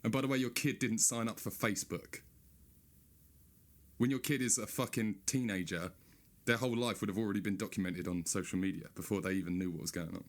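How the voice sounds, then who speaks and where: Sweary man in a sarcastic rant. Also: a little fast. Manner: sweary, sarcastic, mocks others in high whiny voices. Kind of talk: ranting stand-up monologue.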